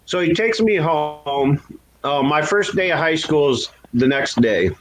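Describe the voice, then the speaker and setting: A man's voice: animated, unhurried, crowd noise, rough recording. A man chatting casually and candidly about his past, laughing at himself and lifting his voice when acting out what others said. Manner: candid and self-deprecating, laughs at own story; raises pitch to act out quoted voices. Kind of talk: casual chat.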